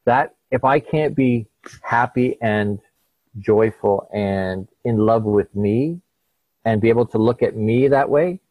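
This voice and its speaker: Middle-aged man, low voice, dry close sound, lively storyteller who acts out every voice. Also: takes it slowly, dry recording, phone-quality sound. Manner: animated, acts out quoted dialogue. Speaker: guest. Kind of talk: conversational storytelling.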